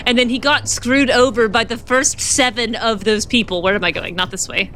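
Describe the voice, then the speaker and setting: Chatty woman with a bright voice. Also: a little high, normal speed, hardly any pauses, a little hiss or hum. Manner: chatty, laughs often. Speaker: let's-play streamer. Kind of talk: gameplay commentary.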